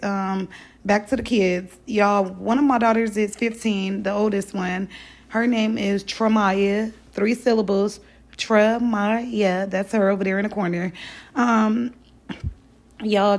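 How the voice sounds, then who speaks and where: A woman talks to her viewers while she cooks. Her voice is gravelly and hoarse from a cold. She rambles in a loose, chatty way. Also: medium pitch. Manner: chatty and rambling, says "y'all" often. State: sick, hoarse voice. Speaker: vlogger. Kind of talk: casual cooking vlog chat.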